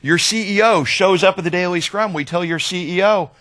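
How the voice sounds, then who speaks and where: A man giving a conference talk as a trainer, conversational and animated, often checking in with "right?". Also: high voice, brisk, few pauses. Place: conference hall.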